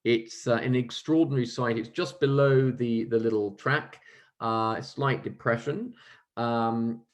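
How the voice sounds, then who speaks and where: A man's voice: medium pitch, a little slow. A man presenting wines at a virtual tasting, enthusiastic and chatty, with frequent ums and restarts. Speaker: wine merchant presenting a tasting. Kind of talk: casual virtual tasting talk.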